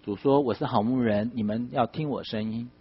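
A man with a husky, mid-range voice interprets a sermon consecutively. He renders each phrase promptly after the preacher. The recording sounds dull. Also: mid-range voice, fairly even intonation, a little fast.

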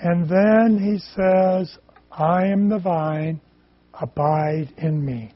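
A man preaching a sermon in short phrases, pausing so an interpreter can follow. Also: high-pitched, dry recording, highs cut off.

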